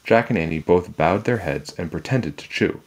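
A man with a very low, deep voice reads a children's chapter book aloud. His storytelling is calm and measured, with an unhurried, even delivery. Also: husky.

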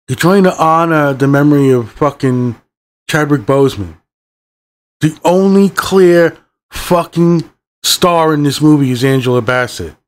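A middle-aged man hosting a movie review channel, ranting in a heated, rambling way and swearing often. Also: a little high.

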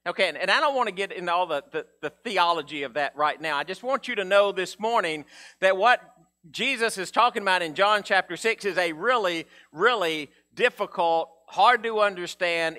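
A pastor gives an animated, conversational sermon, frequently restarting sentences and acting out quotes. His voice sits high.

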